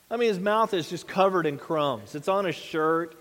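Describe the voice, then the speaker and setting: A man in his thirties preaches a sermon, talking earnestly and plainly, with plenty of rhetorical questions. His voice sits high for a man. It rings out with a long reverb, like a big hall. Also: moderate pace, a bit bright. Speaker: pastor.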